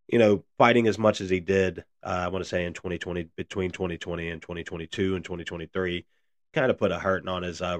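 A man's voice: deep voice, no echo. A man hosting a casual solo podcast, rambling with lots of fillers and calling his listeners "man" and "guys.". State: briefly out of breath. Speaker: podcast host.

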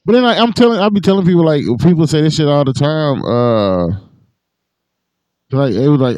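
A man's voice: on the high side, animated, normal speed, a little mellow, no echo, muffled recording. A man hosting a podcast in casual chat, rambling and swearing with lots of "like". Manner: rambling, profane, heavy use of "like". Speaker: podcast host.

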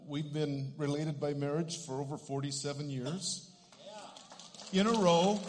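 A man in his sixties preaching a sermon, telling stories earnestly and growing animated at the high points. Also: long reverb tail. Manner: earnest storyteller, animated when telling of healings. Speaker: ministry director. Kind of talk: sermon with storytelling.

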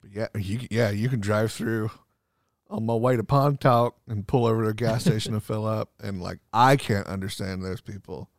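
A man's voice: fairly low pitch, fairly even intonation, normal speed, no room sound, studio quality. A man co-hosting a casual movie discussion podcast, telling playful stories with jokey asides. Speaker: podcast co-host.

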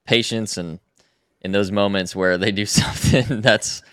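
Deep smooth-voiced host guy, thoughtful and rambly, dry sound. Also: fairly even intonation, a little slow, fairly bright tone, dry recording. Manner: thoughtful, loose, many fillers. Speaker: podcast host. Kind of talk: casual chat.

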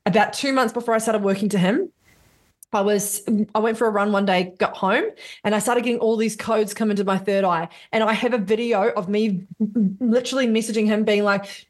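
A woman guesting on a podcast, talking in a loose, gushing, animated way and dropping swear words freely. Her pitch sits in the middle for a woman. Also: fairly quick. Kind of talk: casual conversational storytelling.

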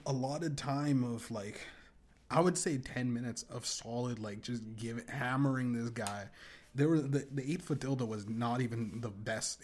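A man's voice: mid-range voice, darkish tone, husky. Crude rambling man on a podcast. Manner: crude, rambling, laughs often. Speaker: podcast host. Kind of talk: casual podcast rant.

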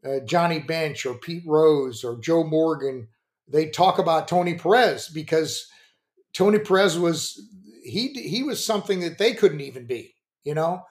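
An older man, a former pitcher and coach, telling rambling stories on a podcast with plenty of restarts and fillers. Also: lively intonation, a little slow. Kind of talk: casual storytelling.

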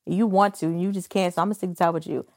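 A young adult woman co-hosting a casual podcast chat, telling lively stories and acting out the dialogue. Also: on the low side, rapid-fire, no room sound, clean studio sound. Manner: animated storyteller, acts out dialogue. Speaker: podcast co-host.

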